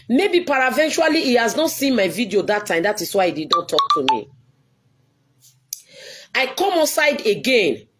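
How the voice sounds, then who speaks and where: A woman, a church leader, giving an earnest, pleading video address to her followers and repeating herself often. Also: high-pitched.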